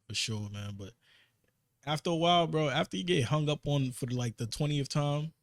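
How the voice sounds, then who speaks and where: A man's voice: fairly high pitch, no echo. A man with a New York accent on a casual podcast, telling work stories in an emphatic way, restarting his sentences often. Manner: fast, emphatic storytelling with repeated restarts. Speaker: podcast co-host. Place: podcast studio.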